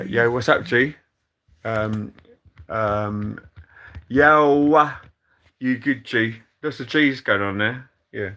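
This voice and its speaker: A British man hosting a casual livestream, reading out chat comments in a halting, rambling way full of fillers and restarts, with dry deadpan asides. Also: medium pitch, creaky. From Britain.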